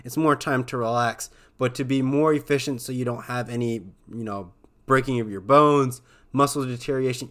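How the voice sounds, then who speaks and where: A man's voice: medium pitch, normal speed, a bit bright. A young adult man hosting a casual solo talk, rambling loosely with many fillers. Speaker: podcast host.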